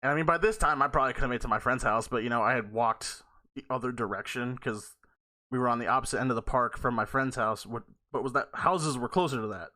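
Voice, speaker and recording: A man's voice: medium pitch, fast, sharp tone. A man hosting a podcast, telling a rambling, profane story in casual talk and often laughing mid-sentence. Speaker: podcast host.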